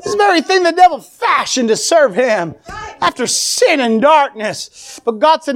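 A man's voice: very high-pitched, sing-song, measured pace, fairly bright tone. A man preaching a fervent sermon to a congregation, calling out amen and praise the Lord.

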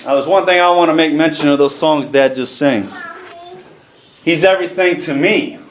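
A man preaching a church sermon, calling out to the congregation and reading scripture slowly. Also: a little high, echoey room, background noise. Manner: calls for congregation responses, reads scripture slowly.

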